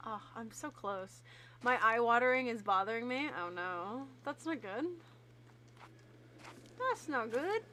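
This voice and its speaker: A woman's voice: on the high side, expressive, measured pace, long pauses, bright, forceful tone, slight background noise. A young woman chatting playfully with friends while streaming a game. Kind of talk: casual gaming stream chat.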